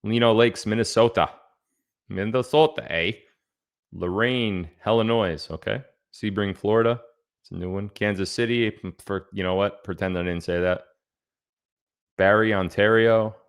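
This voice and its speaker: Low-voiced man hosting a chatty livestream. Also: steady tone, normal speed, smooth. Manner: chatty, reads out viewer locations. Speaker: livestream host. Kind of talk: casual livestream chat.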